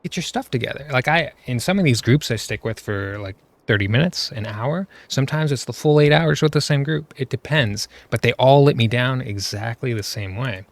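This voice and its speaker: A man's voice: mid-range voice, moderate pace, few pauses, no echo. A man ranting in exasperation over gameplay footage, casual and chatty, often checking in with "right?" as he talks. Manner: exasperated, ranting, keeps tagging "right?" and "you know what I mean?". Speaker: gaming commentator.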